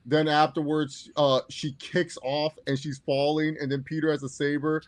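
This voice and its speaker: A man's voice: a little high, level tone, normal speed, no room sound. A man co-hosting a casual movie review chat, enthusiastically chiming in with quoted reactions. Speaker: podcast co-host.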